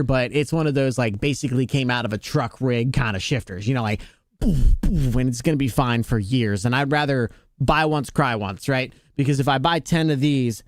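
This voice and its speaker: A man chats casually with his live-stream viewers. He rambles, restarts his sentences and answers chat as he goes. His voice sits at a middle pitch and sounds dry and close to the mic. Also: smooth, no echo.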